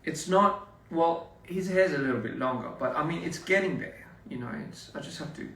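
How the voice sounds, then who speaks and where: A young man chatting casually with viewers on a livestream, relaxed and halting, with lots of fillers and restarts. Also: on the high side. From Australia. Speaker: livestream host. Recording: roomy echo, distant mic, faint noise.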